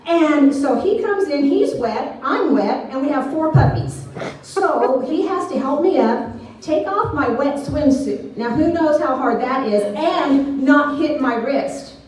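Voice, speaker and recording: Middle-aged woman comic, high and animated, recorded far off in a very echoey room. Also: a little slow. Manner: animated, shrieks when quoting herself. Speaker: stand-up comedian. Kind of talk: stand-up storytelling. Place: small venue on stage.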